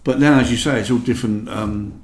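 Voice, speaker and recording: A man's voice: mid-range voice, a little fast, a little hiss or hum. An older man with a Cockney accent, co-hosting a podcast in casual chat, agreeable and fond of recalling the old days. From England. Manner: easygoing, agreeable, reminiscing. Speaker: podcast co-host. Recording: roomy echo.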